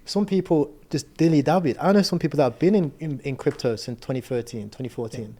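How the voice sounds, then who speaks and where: Casting: male host, quick slangy talker, mellow dark tone, keeps saying yeah. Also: on the high side. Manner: rapid, slangy, affirms constantly with "yeah". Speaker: podcast host. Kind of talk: casual podcast chat.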